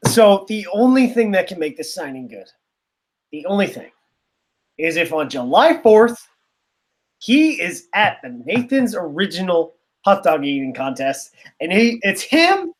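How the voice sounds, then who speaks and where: A man co-hosting a podcast in casual chat, rambling and sarcastic, often trailing off. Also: sits high. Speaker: podcast co-host.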